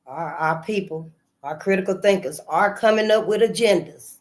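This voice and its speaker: A woman's voice: on the low side, normal speed. A woman hosting her channel, talking casually to her audience, often repeating herself and trailing off mid-thought. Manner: loose, conversational, trailing off and repeating phrases. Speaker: channel host. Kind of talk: casual spoken commentary.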